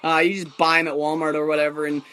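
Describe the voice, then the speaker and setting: A man's voice: on the high side, flat delivery, fast, pushed and bright, clear, resonant tone. A man casually telling a story about his own travels, rambling with lots of fillers and chuckles.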